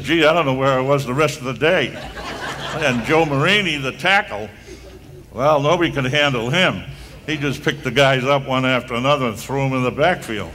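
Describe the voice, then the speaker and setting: A man's voice: medium pitch, pushed and bright, a little hiss or hum. An older man giving a rambling, anecdotal speech at a hall of fame induction, full of restarts and asides. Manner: rambling storyteller with frequent restarts.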